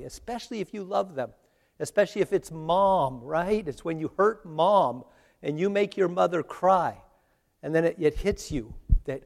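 A man giving a conversational sermon, slowing down for emphasis and laughing at his own asides. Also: on the high side, animated, creaky, a little mellow. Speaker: preacher. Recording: long hall reverb.

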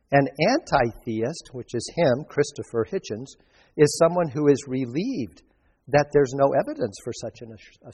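A man's voice: fairly high pitch, darkish tone, highs cut off. A male pastor giving a sermon in a conversational, storytelling way, with frequent restarts. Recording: long reverb.

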